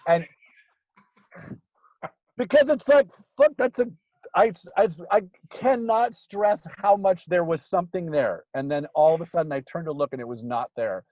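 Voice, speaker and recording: A man telling a ghost story in a rambling, casual way, full of fillers, getting animated as it builds. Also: fairly high pitch, moderate pace, dry recording, low-quality recording. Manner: rambling, filler-heavy, gets animated when excited. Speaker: guest storyteller.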